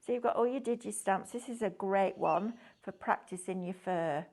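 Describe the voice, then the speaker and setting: A woman's voice: mid-range voice, moderate pace, a little mellow. A woman presenting a craft shopping show, upbeat and enthusiastic, chatting and asking tag questions as she demonstrates products. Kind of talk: chatty live sales demonstration.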